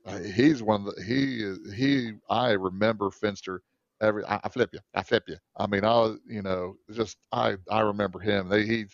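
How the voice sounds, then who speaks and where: A man with a low voice chats loosely about a film, piling up fillers and restarts. His voice sits dry and close, with no room around it, and the sound is a little dull and muffled. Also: gravelly, dry recording. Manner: rambling, many fillers and restarts. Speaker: podcast co-host. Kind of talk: casual movie review chat.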